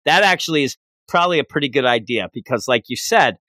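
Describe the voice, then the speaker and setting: Animated rambling man, dry sound. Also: medium pitch, fast, dry recording. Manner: animated, rambling, many restarts and fillers. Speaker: podcast co-host. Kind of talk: casual chat reviewing manga.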